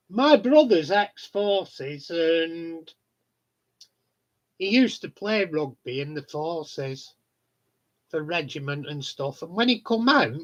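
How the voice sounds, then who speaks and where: A man chatting casually on a live stream, telling funny stories, swearing freely and laughing often. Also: fairly high pitch. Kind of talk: casual chat. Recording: dull lo-fi sound.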